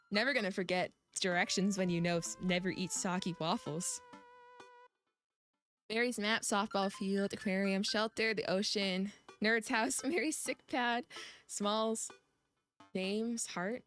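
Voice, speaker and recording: A woman's voice: medium pitch, fairly bright tone. A young woman streamer giving giggly, playful commentary while playing a game. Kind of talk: casual let's-play commentary.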